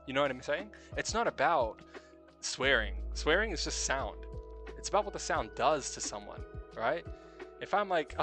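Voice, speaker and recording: A young New Zealand man hosts a casual late-night stream, swearing freely, laughing a lot and musing about life. His medium-pitched voice is expressive and sharp at a normal speed, with soft music in the background.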